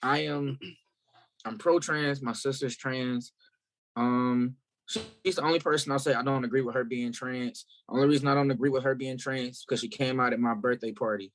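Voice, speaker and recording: A man from South Carolina, a guest musician in a casual interview, telling stories in a candid, animated way. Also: mid-range voice, moderate pace.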